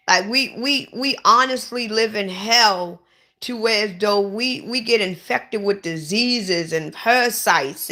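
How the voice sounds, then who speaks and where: A woman's voice: medium pitch, pushed and bright. A woman who is sick and lightheaded, talking casually and upset to her livestream viewers, repeating herself and restarting often. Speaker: vlogger.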